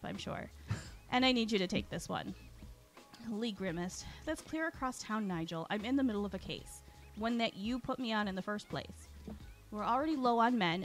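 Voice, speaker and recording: Woman storyteller, lively character reading, soft music under her voice. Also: mid-range voice. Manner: lively character reading with frequent throat clearing.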